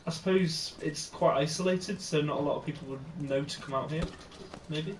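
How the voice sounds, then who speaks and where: Relaxed man, roomy distant mic. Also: on the high side, slight background noise. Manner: relaxed, quick reactions. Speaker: let's play co-host. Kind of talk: casual gaming chat.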